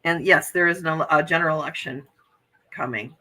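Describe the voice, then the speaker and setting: A woman's voice: low voice, fairly quick, bright, forceful tone, low-quality recording. An American woman hosting a casual livestream chat, talking earnestly and reading viewer comments aloud. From United States.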